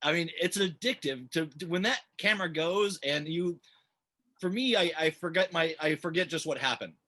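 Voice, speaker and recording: A man's voice: a little high, normal speed, sharp tone. A man hosting a casual interview, chatty and meandering, who laughs easily. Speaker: interview host.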